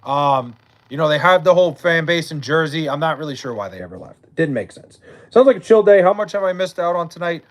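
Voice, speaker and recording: A man's voice: fairly high pitch, expressive, brisk, poor audio. A young man chatting casually on a late-night livestream, reading chat aloud and bantering with loose, profane talk. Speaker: live streamer.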